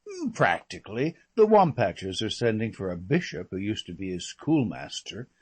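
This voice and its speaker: A man reading aloud as a chatty, flippant young English gentleman who rambles through gossip. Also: lowish voice, wildly swooping pitch, moderate pace. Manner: rambling, breezy, full of slangy asides.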